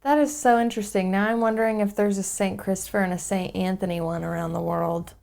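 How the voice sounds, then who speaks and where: A woman's voice: mid-range voice, steady tone, fast, gravelly, a little mellow. A woman hosting a podcast, chatting casually with her guest. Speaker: podcast host. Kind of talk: casual interview chat.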